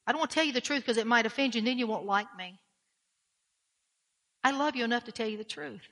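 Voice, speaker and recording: A woman's voice: fairly high pitch, quick pace, long pauses, fairly bright tone, long reverb tail. A woman pastor preaching a blunt, emphatic sermon, often repeating her key phrases.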